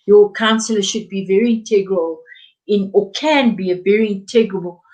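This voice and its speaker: A woman's voice: medium pitch, moderate pace, a little mellow, rough recording. A woman counsellor talking as a guest, affirming and supportive, often repeating her words. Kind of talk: casual conversation.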